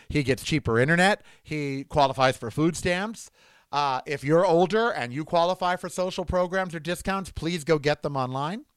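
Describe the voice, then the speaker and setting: A man's voice: a little high, clear, resonant tone, no room sound. A man telling a personal story in a casual monologue, acting out the lines of the people in it. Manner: animated anecdotal, acts out dialogue.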